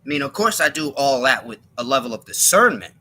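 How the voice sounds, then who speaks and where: A man's voice: mid-range voice, sing-song, a little fast, pushed and bright, husky. A man giving an emphatic opinion monologue on his live stream, often repeating and restarting his words.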